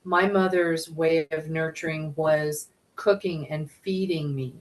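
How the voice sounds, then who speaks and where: A soft-spoken woman, a workshop participant, asks her question in a low, quiet voice. She talks from an indoor event room. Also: steady tone, slow pace, rough recording.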